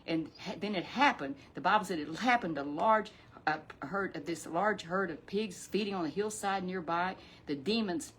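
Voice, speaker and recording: Animated woman telling a Bible story. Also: on the low side, slight background noise. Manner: animated, rambling, with frequent restarts and drawn-out emphasis. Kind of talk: Bible story for children with a puppet.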